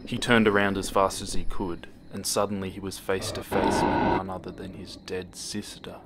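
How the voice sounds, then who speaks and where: A man narrating a horror story with a steady, dramatic reading that drops to hushed moments. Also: low-pitched, moderate pace, heavy background noise. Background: music.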